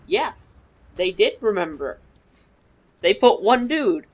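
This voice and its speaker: A gaming video creator with a mid-range voice plays a strategy game while giving casual, rambling, self-mocking commentary. She sounds very animated but speaks slowly, and the lo-fi mic gives a dull recording.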